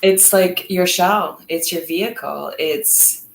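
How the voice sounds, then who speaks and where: A woman's voice: on the low side, takes it slowly, gravelly, reverberant, poor audio. A woman co-hosting a casual talk on mental health in a reflective, encouraging way. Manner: reflective, encouraging, speaks in lists. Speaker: co-host.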